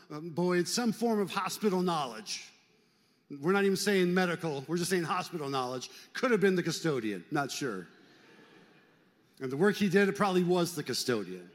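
An older man preaching a sermon as a pastor, talking conversationally with folksy joking asides and swinging between loud emphasis and hushed, quiet stretches. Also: on the high side. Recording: long reverb of a large hall.

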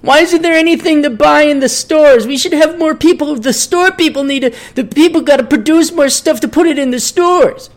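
A man's voice: moderate pace, hardly any pauses. A man putting on the voice of a whiny, entitled young millennial who demands free stuff. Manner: whining, high-pitched.

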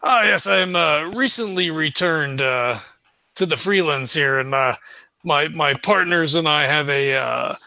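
Brief: a player voicing a courteous adventurer, bright, higher voice, halting politeness. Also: male voice, gravelly, no echo, exaggerated voice. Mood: polite. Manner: courteous, hesitant, full of "uh"s.

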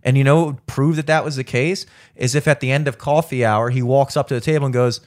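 A man telling a long story in casual chat, swearing often and acting out what others said. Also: quick pace. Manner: animated, profane, acts out quotes in a high voice.

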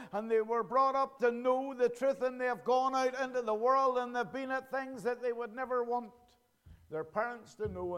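Pastor preaching, really high voice for a guy, repeats questions slow n earnest. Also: smooth. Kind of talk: sermon.

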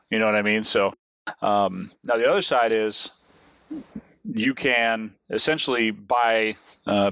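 Podcast co-host, male, low voice, loose rambling delivery, dull dry recording. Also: a bit bright, dry recording. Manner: rambling, explanatory, many restarts. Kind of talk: casual podcast chat.

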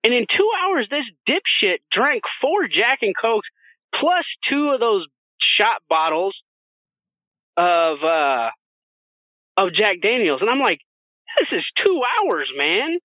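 A man's voice: sits high, sing-song, slow, dry recording. A man co-hosting a podcast, telling a story in casual, profane chat with frequent laughter. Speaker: podcast co-host. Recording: dry, phone-like narrow sound.

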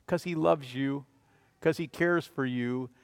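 A man preaching a sermon as a pastor, emphatic, swinging between loud declarations and quiet, low passages. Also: takes it slowly, clean tone, big-room sound. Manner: emphatic, rising and falling in volume.

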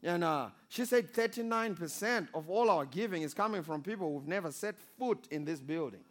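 A man preaching a sermon as pastor, calling for amens and swinging between loud exhortation and quiet storytelling. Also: fairly high pitch, expressive, normal speed. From Zimbabwe. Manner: preaching with rising calls for amen and audience response.

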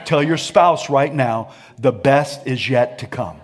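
A man pastor preaching a sermon in a lively, colloquial way and calling on the congregation to answer back. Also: mid-range voice, takes it slowly. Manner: energetic, colloquial, calls for audience response.

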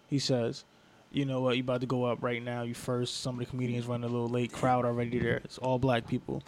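A young comedian chats on a casual podcast, telling a story and voicing the people in it. He speaks quickly at a medium pitch, an animated storyteller who acts out every quote.

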